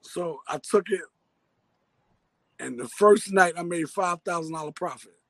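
A man's voice: sits high, unhurried, no echo, poor audio. A man from Harlem with a New York accent, telling a story in loose street slang as an interviewee. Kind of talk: casual storytelling.

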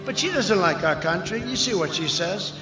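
A man's voice: high voice, expressive, moderate pace. A man giving a campaign rally speech to supporters, boastful and rambling, repeating himself with off-hand asides. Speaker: political candidate addressing supporters. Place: large rally before a crowd. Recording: echoey, dull live rally sound with loud music.

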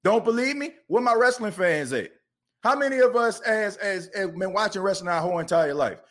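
A man's voice: high-pitched, animated, brisk, a bit bright. A man hosting a sports podcast, ranting with passion and repeating himself. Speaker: podcast host. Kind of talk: fired-up sports podcast rant.

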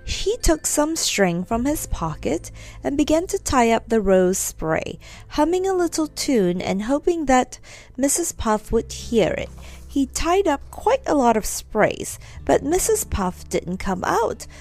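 A woman narrating a children's storybook with gentle, expressive reading. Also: high-pitched, unhurried.

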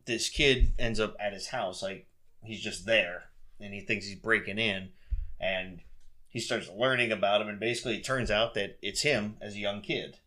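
A man's voice: lowish voice, normal speed, bright, forceful tone. A man co-hosting a casual podcast, telling a movie's story in a laid-back way with fillers. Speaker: podcast co-host. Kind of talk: casual chat.

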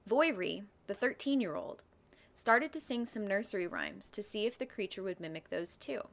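A woman's voice: mid-range voice, very animated, normal speed, creaky, a bit bright. A woman co-host telling a spooky story to a friend in a casual chat, often laughing.

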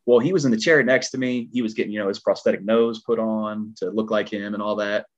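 A man working as a stunt performer tells a long story in casual chat, animated and rambling, with a twang in his speech. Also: fairly low pitch, fast, lo-fi sound. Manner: animated, rambling, heavy filler words.

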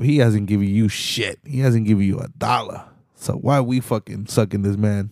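Gravelly low-voiced man ranting casually. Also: moderate pace, dark tone, no echo, clean studio sound. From Hispanic community in the US. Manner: laid-back slangy rant, swears a lot, laughs. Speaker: podcast host. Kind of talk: casual profane monologue.

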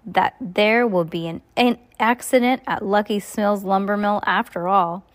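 A woman's voice: medium pitch, steady tone, a little slow, close to an everyday voice. Gloating evil lady doctor from a storybook, woman reading her lines, mid voice, barely put on.

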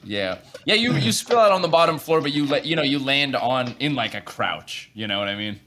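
A man's voice: mid-range voice, animated, brisk, bright, forceful tone, a little hiss or hum. A man narrating a tabletop game as game master, rambling with frequent restarts.

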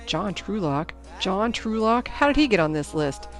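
A woman's voice: medium pitch, big pitch swings, normal speed, faint music behind. A woman voicing a gushing, snobbish teenage girl in a storybook reading. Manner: gushing, sniffy.

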